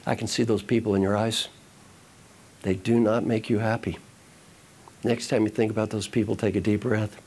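A man's voice: fairly low pitch, flat delivery, normal speed, pauses often, darkish tone. Male motivational speaker, coaxing, repeats lines, addresses crowd. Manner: repetitive, coaxing, addresses audience directly. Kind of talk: motivational talk to an audience.

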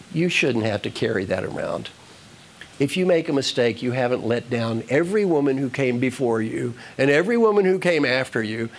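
A man giving a live motivational talk to an audience, animated and repetitive, giving direct instructions. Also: mid-range voice, a little hiss or hum. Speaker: motivational speaker.

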